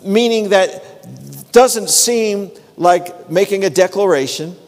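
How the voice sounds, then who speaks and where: A man's voice: high-pitched, expressive, slow, vocal fry, darkish tone. A middle-aged male pastor preaching a conversational sermon, drawing responses from the congregation. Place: church sanctuary. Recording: long hall reverb.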